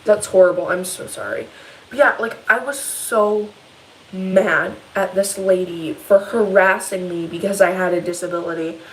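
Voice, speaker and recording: A teenage girl telling a long, rambling story in a casual vlog, upset and animated as she retells it. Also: on the low side, moderate pace, slight background noise, rough recording. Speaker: vlogger.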